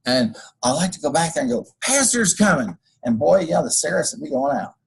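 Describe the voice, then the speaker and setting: Gravelly-voiced man lecturing. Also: a little high, fast, darkish tone, poor audio. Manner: folksy, rambling with personal stories. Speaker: college instructor. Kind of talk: screencast lecture.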